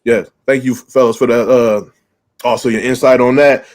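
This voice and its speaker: Here a podcast host with a darkish, medium-pitched voice keeps fairly even intonation and a moderate pace. He chats loosely and profanely through a story, dropping lots of fillers like "like."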